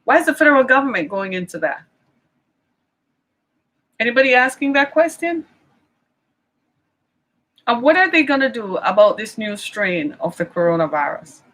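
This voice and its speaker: Indignant woman ranting, bright voice. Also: a little high. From Michigan. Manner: indignant, rhetorical questions, exasperated. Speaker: vlogger. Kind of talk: impassioned political rant.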